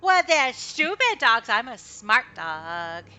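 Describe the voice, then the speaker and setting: A woman voicing an eager young male magical puppy who is hungry to fight undead, excitable and boastful. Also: on the high side, takes it slowly, smooth, dry recording, heavily acted. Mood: excited.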